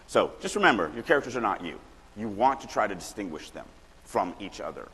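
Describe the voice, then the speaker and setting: Middle-aged guy from louisiana giving a casual writing talk, kinda low voice, big echoey conference hall. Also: fairly quick. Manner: casual, animated, acts out quoted lines. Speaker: writing workshop speaker. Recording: long hall reverb, faint room noise.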